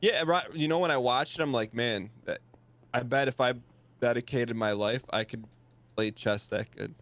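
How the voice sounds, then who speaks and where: A man's voice: medium pitch, normal speed, a bit bright, no room sound. A man from Michigan chatting casually and asking lots of questions. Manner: curious, asks many questions. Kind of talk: casual chat.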